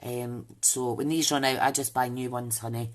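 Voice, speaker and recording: A woman's voice: a bass voice, fairly even intonation, moderate pace. A woman hosting a live crafting demo, chatting and thinking aloud as she works and greeting viewers by name. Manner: chatty, rambling, thinks aloud while working. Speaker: crafting channel host.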